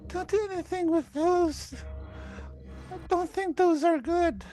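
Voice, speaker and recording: A man voicing a frightened crying child who pleads in a high voice. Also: fairly even intonation, measured pace, dark tone, faint music behind. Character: scared crying child inside the hero's mind.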